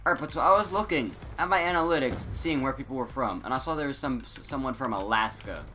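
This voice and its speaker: A teenage boy rambling through casual gaming commentary, scattered and self-interrupting, excitable, on a headset mic. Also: medium pitch, fast talker, faint music behind. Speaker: gaming YouTuber.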